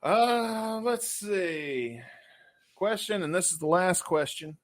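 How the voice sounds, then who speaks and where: A man with a voice pitched a touch high hosts a loose podcast quiz. He is loud, crude and joking as he reads out the questions. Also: lively intonation, slow. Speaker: podcast co-host. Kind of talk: casual chat, quiz.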